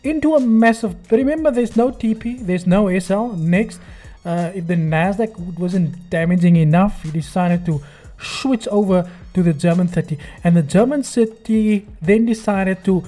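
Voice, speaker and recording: Against faint background music, a man with a warm, high voice narrates a trading video at a moderate pace. In this screen-recorded commentary, he mocks things sarcastically and performs impressions of other people's voices.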